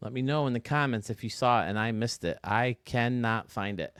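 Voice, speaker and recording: A man's voice: medium pitch, a little fast, smooth, no echo, clean studio sound. A man giving casual, chatty gameplay commentary, talking to his viewers as he tours a built stadium. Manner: chatty, excitable, talks to viewers. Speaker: video game stadium reviewer.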